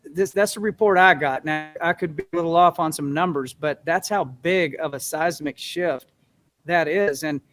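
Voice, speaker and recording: A man's voice: on the high side, normal speed, fairly bright tone, faint music behind. Earnest, folksy male interview guest. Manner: earnest, folksy storytelling, acts out everyday voices. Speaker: guest, musician and business owner. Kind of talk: interview answers.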